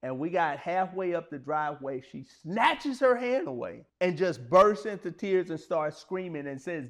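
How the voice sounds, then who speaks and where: A man's voice: a little high, expressive, normal speed, few pauses. A man, telling personal stories in an earnest, plain-spoken, conversational way to motivate listeners. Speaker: speaker sharing personal stories. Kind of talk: motivational storytelling monologue.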